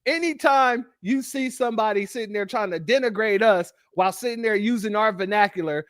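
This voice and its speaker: Very high-voiced man ranting combatively. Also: a little fast, few pauses, a bit bright, no echo, studio quality. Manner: combative, lists points one by one. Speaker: livestream host. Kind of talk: heated commentary.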